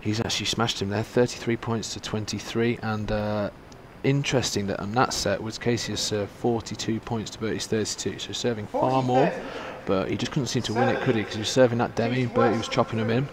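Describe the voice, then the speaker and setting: A man's voice: fairly low pitch, steady tone, brisk, few pauses, over a noisy crowd. A man giving casual, joking live commentary on a tennis match. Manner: chatty, joking, reacting to play. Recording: loud background noise at a live venue.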